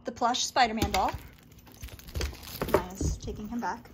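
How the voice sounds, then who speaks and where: A woman unboxing dog toys and treats at home in a casual vlog, gently coaxing her dogs between descriptions of each item. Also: mid-range voice, measured pace. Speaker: dog owner reviewing a subscription box. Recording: noisy home recording.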